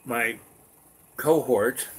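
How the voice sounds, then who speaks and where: A man's voice: mid-range voice, very slow, a bit bright, slightly rough. A man telling a long personal story in a meandering, chatty way, full of fillers and restarts. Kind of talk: rambling personal anecdote.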